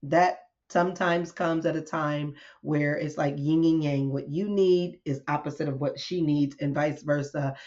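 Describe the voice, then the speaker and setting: A woman's voice: deep voice, unhurried, hardly any pauses, highs cut off. A woman hosting a diary-style podcast, telling a personal story candidly and acting out what she and others said. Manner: candid, expressive storytelling with acted-out quotes. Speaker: podcast host.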